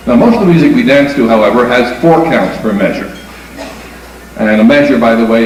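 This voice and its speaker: A man's voice: on the low side, a little mellow. A man giving a lecture on dance music, explaining step by step and counting beats aloud. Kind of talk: lecture with demonstration. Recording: echoey room from far off with faint noise.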